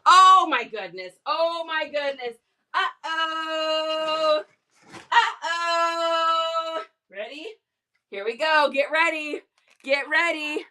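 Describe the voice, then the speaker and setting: A woman hosting a casual reseller livestream, chatty, excitable and full of exclamations. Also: high-pitched, very slow.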